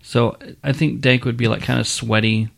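A man's voice: medium pitch, level tone, normal speed, gravelly. A man in a casual beer-tasting chat, frank but unsure when explaining his opinions. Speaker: co-host.

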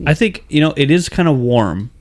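A man hosting a casual beer-tasting podcast, talking in a relaxed, hesitant way with many restarts. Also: fairly high pitch, moderate pace. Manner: relaxed, hesitant, repeats himself. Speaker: podcast host.

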